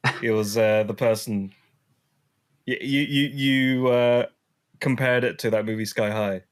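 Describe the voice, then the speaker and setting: A man co-hosting a podcast, playful and quick to laugh, rambling with fillers. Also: mid-range voice, fairly even intonation, smooth. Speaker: podcast co-host. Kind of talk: casual chat.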